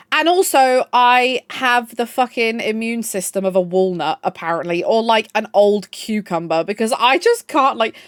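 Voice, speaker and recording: A young woman talks to her live-stream chat. Her voice sits a touch high, and the sound is dry and close. She gushes, rambles and swears now and then. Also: no room sound. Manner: gushing, chatty, swears, reads chat aloud.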